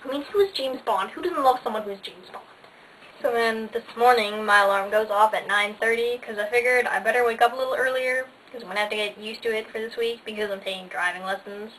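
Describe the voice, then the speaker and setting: A woman's voice: a little high, a little fast, fairly bright tone. Chatty sarcastic teen girl vlogger. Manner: bubbly, sarcastic, full of "like" fillers. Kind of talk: casual chatty vlog. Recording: faint hiss, slightly distant mic.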